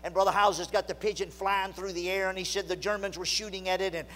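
A man preaching a sermon, telling a story that swings from loud excitement to low, hushed emphasis. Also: quick pace, a little hiss or hum, low-quality recording.

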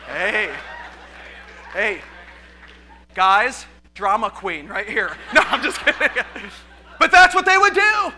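A pastor preaches to his congregation with animated energy. His voice is very high and strikingly bright. He doubles up words as he goes and laughs easily. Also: slow, long pauses. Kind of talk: sermon.

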